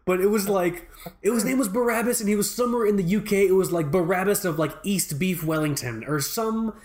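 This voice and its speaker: A man's voice: high voice, a little fast, a little mellow. A man co-hosting a podcast, telling a rambling, profane story in mock fury in casual chat. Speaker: podcast co-host.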